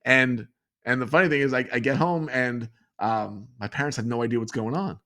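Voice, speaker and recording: A man's voice: mid-range voice, fairly quick. A man from New York telling a long personal story as a podcast guest, acting out the people in it. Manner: animated storyteller, acts out the people in his story. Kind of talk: storytelling in a conversation.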